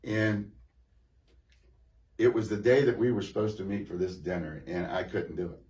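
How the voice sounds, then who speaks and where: A man telling his personal testimony in a halting, rambling way, full of restarts and fillers. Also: fairly low pitch, steady tone, darkish tone. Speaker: guest giving a testimony. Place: church room. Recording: echoey room, mic at a distance.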